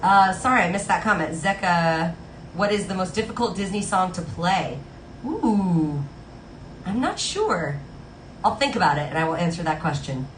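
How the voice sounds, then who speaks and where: A woman in her thirties chatting casually with viewers on a live stream and reading out their comments. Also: mid-range voice. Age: 30s. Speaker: streamer playing Disney songs on request. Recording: echoey room with music playing.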